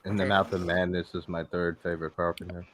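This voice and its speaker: A man's voice: sits low, little pitch movement, fast talker, fairly bright tone. A man hosting a casual group video chat, talking enthusiastically and laughing as he tells stories. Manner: enthusiastic, laughs while telling anecdotes. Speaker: channel host.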